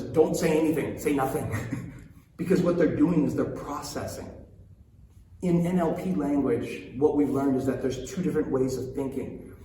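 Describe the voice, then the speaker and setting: A man's voice: a little high, darkish tone, slight background noise. A man speaking as a parenting coach, talking earnestly and directly to his listeners, often repeating his points. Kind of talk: casual talk to viewers. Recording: very echoey room, distant mic, faint ambience.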